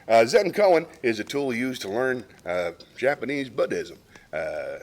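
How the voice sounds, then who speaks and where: A man's voice: medium pitch, sing-song, measured pace. Playful man hosting a live chat stream. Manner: playful, jokey, reads chat comments aloud. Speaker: host of a live variety stream.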